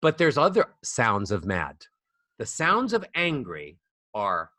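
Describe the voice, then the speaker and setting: Slow and forceful, the bright medium-pitched voice of this middle-aged voice coach swoops wildly in pitch. He's being interviewed on a close small ball microphone, animatedly shifting volume and melody to show examples.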